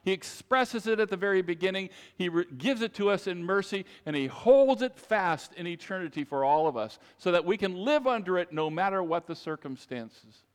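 A man's voice: high voice, expressive, normal speed, few pauses, smooth. A man preaching a sermon to his congregation, emphatic and repetitive, speaking to them directly. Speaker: pastor. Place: church sanctuary. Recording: long reverb of a large church.

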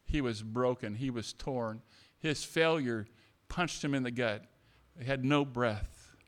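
A man preaching a sermon, repeating his points and swinging between hushed, tender passages and loud, emphatic calls for amens. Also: mid-range voice, takes it slowly. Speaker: pastor.

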